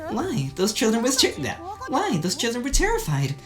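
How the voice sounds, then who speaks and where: A squeaky, eager young kunoichi, proud of herself and naive about the world, put on by a male gamer. Her girlish voice jumps high and swoops wildly. Game music plays softly behind. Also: wildly swooping pitch, normal speed, heavily acted. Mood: indignant. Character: earnest young female ninja, proud and naive. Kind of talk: video game voice-over reading.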